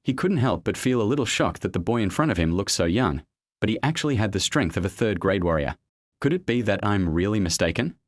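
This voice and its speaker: Low-voiced man narrating a story. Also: very animated, fast, no room sound.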